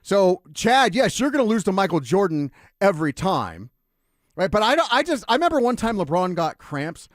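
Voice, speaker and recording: Lively, rambling male sports radio host. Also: high voice, normal speed, dry recording, studio quality. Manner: animated, rambling, self-interrupting. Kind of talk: casual sports radio debate. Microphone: studio microphone.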